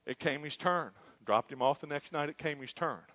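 A man's voice: on the high side, moderate pace, no room sound. A man, a pastor preaching a sermon and telling a story with growing fervor. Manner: storytelling, building to fervent shouting. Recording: dull dry lo-fi.

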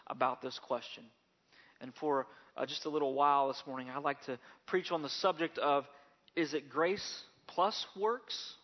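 A man preaching a sermon and praying as a pastor, often halting and repeating words and slowing down on key phrases. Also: on the high side, in a large hall, lo-fi sound.

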